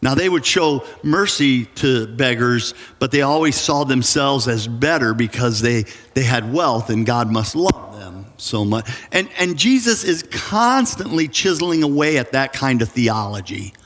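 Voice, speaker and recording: A pastor preaching a sermon in an earnest, emphatic way, with dramatic pauses, in a church sanctuary. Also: male voice, medium pitch, sing-song, a bit bright. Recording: church sanctuary with long reverb.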